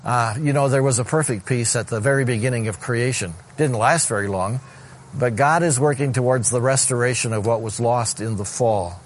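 A male pastor delivering a sermon in an earnest, measured way, often pausing on fillers and repeating words. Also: medium pitch, a little hiss or hum.

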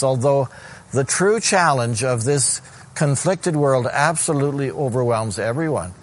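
A male pastor delivering a sermon in an earnest, measured way, often pausing on fillers and repeating words. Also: on the high side.

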